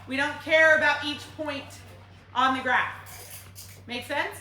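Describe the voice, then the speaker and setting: High bright woman coaching a group. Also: slow, distant mic. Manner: lively, asks the group questions, acts out clients. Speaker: fitness coach. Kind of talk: group workshop talk. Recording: roomy, from across the room, faint noise.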